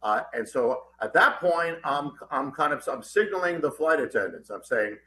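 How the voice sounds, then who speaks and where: Man, middle-aged, interview guest, animated storytelling, frequent restarts, bright tone. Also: medium pitch, normal speed, a little hiss or hum. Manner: animated, urgent, with many restarts. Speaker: author guest. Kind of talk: recounting a personal story in an interview.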